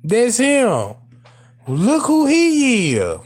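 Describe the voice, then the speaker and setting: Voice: medium pitch, huge pitch swings, drawn-out words, slightly rough. A commentator talking to viewers in casual video commentary, emphatic and profane, using street slang and addressing the audience directly.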